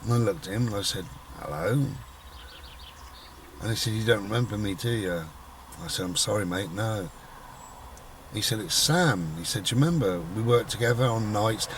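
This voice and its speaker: Middle-aged man, low voice, rambling casual storyteller, recorded a bit far from the mic. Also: normal speed, long pauses. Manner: rambling, conversational, voices quoted people. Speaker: channel host telling a personal story. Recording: voice a bit far from the mic, faint background noise.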